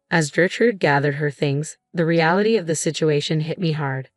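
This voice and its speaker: A woman narrating a first-person family drama story in a steady, dramatic way. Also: low-pitched, moderate pace, few pauses, dry recording, studio quality, faint music behind.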